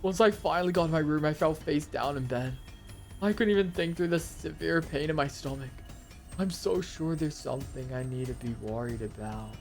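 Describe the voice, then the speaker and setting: A woman's voice: low voice, normal speed, darkish tone, soft background music. A young woman streaming a game, reading narration aloud and chatting to her viewers in a frustrated, offhand way. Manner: frustrated, talks to chat.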